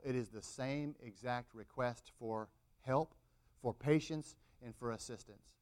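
A man's voice: mid-range voice, a little slow, a little mellow. A middle-aged man preaching a sermon, acting out the people in the story with rising intensity. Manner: dramatic, acts out quotes with rising intensity.

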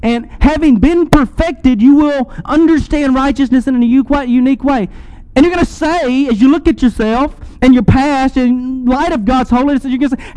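A man's voice: very high voice, moderate pace, mellow, clean tone, rough recording. A man preaching a sermon in an earnest way, rising and dropping sharply for emphasis.

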